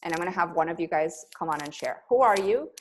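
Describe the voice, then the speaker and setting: A woman's voice: lowish voice, expressive, fast talker, slight background noise. A middle-aged woman running a coaching webinar over a video call, upbeat and pep-talking, often breaking into laughter. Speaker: business coach for yoga teachers.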